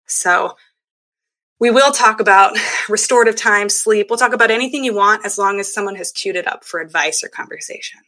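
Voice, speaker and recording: A woman speaks as an interview guest with a bright, lively tone. She explains her ideas eagerly and often acts out the things people say. Her pitch sits in a middle range for a woman. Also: a little fast. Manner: enthusiastic, explanatory, acts out quoted speech. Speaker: guest, women's group leader. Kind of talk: casual conversation.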